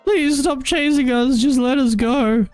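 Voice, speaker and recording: A man voicing a frightened fugitive begging to be left alone, in a high, strained voice. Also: a little slow, darkish tone, clear, resonant tone, no room sound, faint music behind. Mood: pleading.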